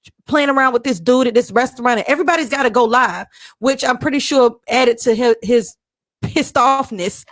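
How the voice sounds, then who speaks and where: High-voiced opinionated woman co-host. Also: no room sound, studio quality. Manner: opinionated, quick back-and-forth. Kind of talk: casual chat.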